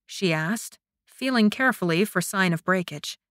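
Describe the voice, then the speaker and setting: A woman narrating an audiobook in a measured, scripted reading. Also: mid-range voice, lively intonation, a bit bright, no echo, studio quality.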